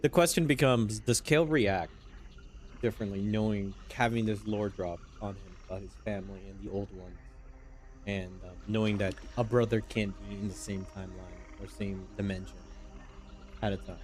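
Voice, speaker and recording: A man's voice: on the low side, steady tone, normal speed. A man running a tabletop game as game master, casual and profane, laughing often.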